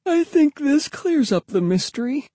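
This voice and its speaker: A man's voice: very high voice, very animated, a little slow, warm tone, no room sound, voice pushed up, heavily acted. A man voicing a sleepy teenage girl who speaks in a drowsy, offhand way.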